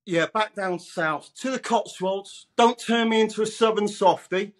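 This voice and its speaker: High-voiced chatty English man. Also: moderate pace. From Leeds, England. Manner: chatty, laughs often, calls everyone mate. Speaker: guest, radio presenter. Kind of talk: casual interview chat.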